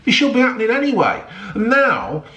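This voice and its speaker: Middle-aged man, heated sweary rant, lively swooping voice, echoey room. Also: extremely high pitch, brisk. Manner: heated, sweary, rambling, keeps asking right and yeah. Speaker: football vlogger. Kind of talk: ranting vlog.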